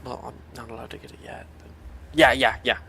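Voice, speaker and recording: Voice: mid-range voice, steady tone, fairly quick, gravelly, bright, forceful tone, a little hiss or hum. A game master on a video call who laughs often and tends to stumble and repeat words while running an online tabletop game. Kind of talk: casual online tabletop role-play.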